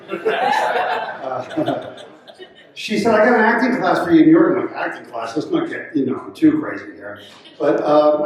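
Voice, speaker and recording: Man telling a lively story in an echoey room. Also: fairly high pitch. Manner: animated anecdotal storyteller, acts out quotes. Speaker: eulogy speaker. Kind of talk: storytelling tribute speech. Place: country club function room. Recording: echoey room, distant mic.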